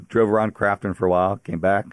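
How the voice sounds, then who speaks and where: Man from the pittsburgh area, very low voice, dry close sound, chatty storyteller, laughs often. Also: moderate pace, darkish tone, no echo. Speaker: priest, interview guest. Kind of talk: personal faith story on a radio interview.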